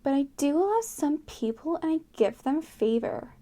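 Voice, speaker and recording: A woman putting on a Valley Girl voice, reading aloud in a slow, mocking drawl. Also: high voice, expressive, dark tone. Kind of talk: comedic read-out.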